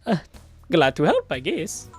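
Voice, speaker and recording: A man's voice: a little high, huge pitch swings, a little slow, faint music behind. A man voicing a nervous young delivery boy in a video game, stammering and hesitant. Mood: flustered. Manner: stammering, hesitant, lots of uhs.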